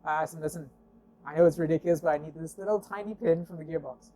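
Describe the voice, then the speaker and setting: This guest, a man with a slightly high voice, speaks quickly while recounting car stories. It's a loose, conversational anecdote, and he animatedly performs the dialogue, leaning heavily on fillers and "I'm like."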